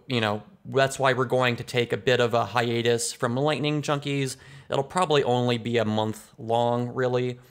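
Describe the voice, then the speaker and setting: Male podcast host from the US, mid-pitched, casual and loose, lots of "uh" and "you know". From United States. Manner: relaxed, rambling, many fillers.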